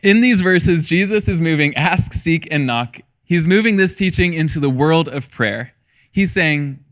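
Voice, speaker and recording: A man's voice: fairly high pitch, expressive, unhurried, a bit bright. A man in his thirties, a middle school pastor, preaching a casual sermon with personal stories and jokes. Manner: casual storytelling with jokes and laughter.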